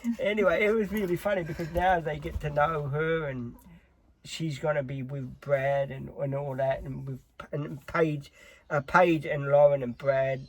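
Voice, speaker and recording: A man's voice: a little high, steady tone, moderate pace. A man streaming from home, chatting casually in a rambling way and swearing freely. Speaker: live streamer. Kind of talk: casual chat.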